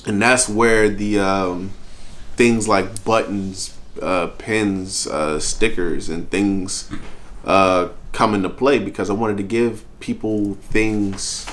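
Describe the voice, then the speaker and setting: A man's voice: fairly low pitch, steady tone, takes it slowly, fairly bright tone, a little hiss or hum. A man being interviewed about his work as an event organizer, talking earnestly and often restarting his sentences. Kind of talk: casual interview talk.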